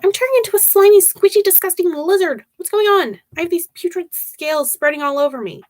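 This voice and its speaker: A woman's voice: sits high, expressive, quick pace, voice pushed up. A woman voicing a frantic, accusing teenage girl while reading a horror novel aloud.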